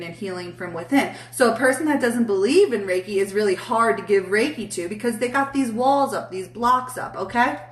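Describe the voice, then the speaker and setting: A woman's voice: medium pitch, distant mic. A woman hosting a casual live spiritual reading stream, chatty and blunt, swearing freely as she answers chat. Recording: echoey room, voice off mic.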